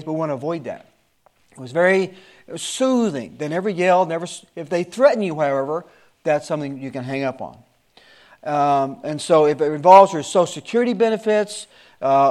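A man's voice: a little high, a little mellow. A man in his sixties, a Sunday school teacher giving his class an earnest, repetitive warning in casual talk. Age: 60s.

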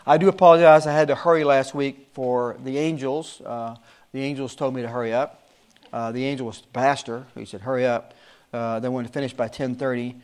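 A man's voice: mid-range voice, fairly even intonation, brisk, smooth. A man in his sixties, a Sunday school teacher giving his class an earnest, repetitive warning in casual talk. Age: 60s.

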